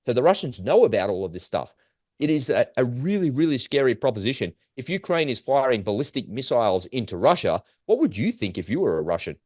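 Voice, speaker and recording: A man's voice: medium pitch, a little fast, dry recording. Urgent man commentating, dry close sound. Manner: urgent, animated, rhetorical questions. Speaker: political commentary host. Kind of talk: unscripted commentary monologue. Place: at home in Australia.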